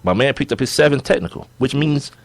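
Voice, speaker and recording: A young man co-hosting a sports podcast in casual chat, animated and laughing as he argues his points. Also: medium pitch, quick pace, no echo. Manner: animated, laughing, acts out players' quotes.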